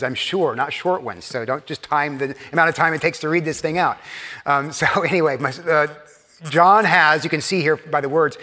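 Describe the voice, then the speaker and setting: A middle-aged male pastor gives a relaxed, conversational sermon. His voice sits a little higher than most men's. He often stumbles into restarts and breaks into short chuckles. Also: in a large hall. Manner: conversational and self-deprecating, frequent restarts and chuckles.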